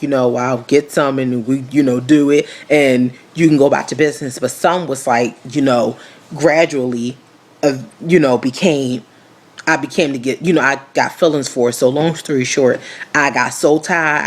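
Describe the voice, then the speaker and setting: A woman in her twenties giving a candid personal testimony, frank and animated, with casual slangy speech full of fillers, acting out the voices in her story. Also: extremely low pitch. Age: 20s. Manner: frank and animated, acts out quoted dialogue.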